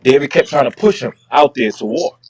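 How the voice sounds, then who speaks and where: A man's voice: medium pitch, lively intonation, brisk, a little mellow, husky. A man leading a Bible study, reading verses aloud and then explaining them in casual, slangy talk. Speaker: Bible teacher. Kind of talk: casual scripture teaching.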